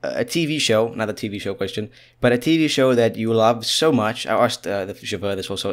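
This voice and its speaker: A man with a South African accent hosting a casual podcast chat. He is talkative, laughs easily and often restarts his lines. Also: on the low side. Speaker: podcast host.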